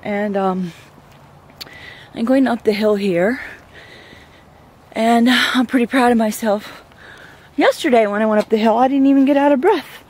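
A woman's voice: a little high, a little slow, pauses often, darkish tone, slightly rough. Chatty woman vlogging on a walk. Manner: chatty, rambling, easily awed. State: slightly out of breath from walking uphill. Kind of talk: casual walk-and-talk vlog. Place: outdoors on a neighborhood trail. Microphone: handheld camera, at times turned away.

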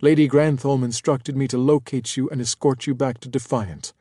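A hulking young female bodyguard with a blunt, booming delivery and a jealous streak, played by a male reader. Dry, close audiobook sound. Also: fairly even intonation, normal speed, mellow, husky, dry recording, natural voice. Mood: urgent.

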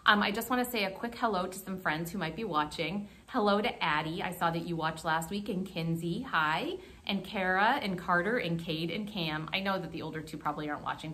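A young woman, a children's librarian, reading a picture book aloud in an animated, expressive way during a remote storytime. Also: fairly low pitch.

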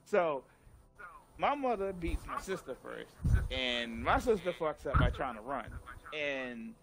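A man hosting a gaming channel, telling a childhood story to friends in a casual, profane, animated way and laughing along. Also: on the high side, slow pace, background noise.

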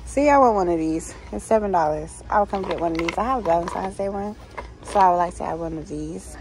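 Inside a store, a woman casually vlogs as she walks around, chatting, gushing over the holiday decor and reading signs aloud. Her voice is fairly low and a little fast, with background noise in the clip.

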